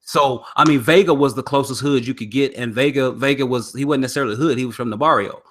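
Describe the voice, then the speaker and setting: A young man co-hosts a podcast in a relaxed, chatty way. His voice sounds bright and forward, with a mid-range pitch. He talks easily and turns to listener comments as he goes. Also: quick pace. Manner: laid-back, chatty, reads listener comments. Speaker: podcast co-host. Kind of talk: casual podcast chat.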